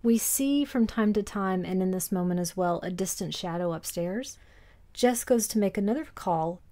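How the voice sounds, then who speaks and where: A woman's voice: mid-range voice, normal speed, mellow. A woman co-hosting a film podcast, recapping scenes in detail in a casual discussion and laughing easily. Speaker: podcast co-host.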